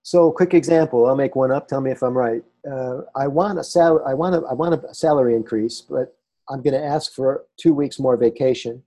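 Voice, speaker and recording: A man's voice: mid-range voice, normal speed, mellow. A man hosting an interview, enthusiastic and jokey with his guest. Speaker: host. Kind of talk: conversational interview.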